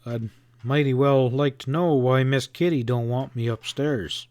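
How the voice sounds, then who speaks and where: A steady frontier sheriff speaks in a quiet, measured voice, as a man reads his part. The tone stays level and the recording is dry. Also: medium pitch, no echo, close to an everyday voice.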